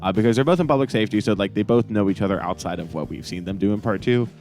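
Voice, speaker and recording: A man's voice: fairly low pitch, racing, darkish tone, faint music behind. A man hosting a casual manga review chat, rambling and joking as he mock-quotes the characters. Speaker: podcast host.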